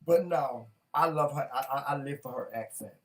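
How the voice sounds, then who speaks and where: A man from North Carolina co-hosting a casual chat show, talking in a playful, teasing, animated way. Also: medium pitch, moderate pace, recorded from a distance. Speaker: co-host.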